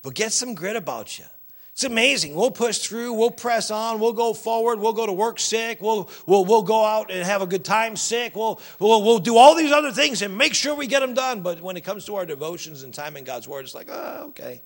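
A man preaching a sermon, emphatic and animated, addressing the congregation directly. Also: sits high, fairly quick.

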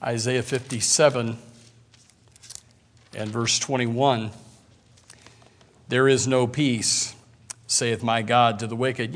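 Pastor guy preaching, slow scripture reading, loud outbursts then quiet again. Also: mid-range voice. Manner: emphatic preaching with sudden loud bursts and drawn-out scripture reading. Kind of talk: sermon.

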